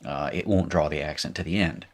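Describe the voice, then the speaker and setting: A Hebrew teacher gives a classroom lecture at a whiteboard, patiently drilling forms aloud and adding wry asides. His voice is extremely low and a little fast.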